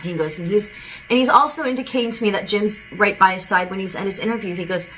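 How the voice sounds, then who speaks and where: A woman's voice: mid-range voice, fast, fairly bright tone, slight background noise, rough recording. A woman as a psychic medium giving a channeled spirit reading, relaying what she hears in a casual, rambling way with lots of "he goes".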